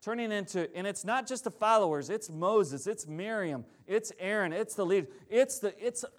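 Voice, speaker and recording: A middle-aged male pastor preaching a sermon in a conversational, joking, animated way. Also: sits high, moderate pace.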